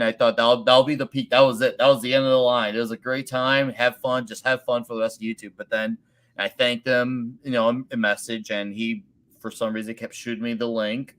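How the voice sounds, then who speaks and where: Man, interview guest, rambling, relaxed, fillers, casual storytelling. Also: mid-range voice. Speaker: guest creator.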